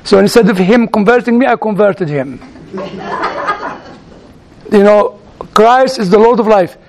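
A man from outside the United States preaching through personal stories, halting and repeating words as he searches, with chuckling asides. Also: high voice, a little hiss or hum. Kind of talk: sermon told as personal stories.

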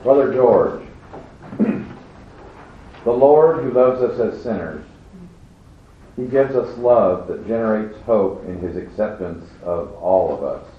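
A man with a lowish voice reads a letter aloud to his group at a steady, measured pace. He sits far from the mic in a room full of echo. The recording is thin and phone-like, with a faint hiss behind it. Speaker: group member reading aloud. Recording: distant, very echoey, tinny room recording.

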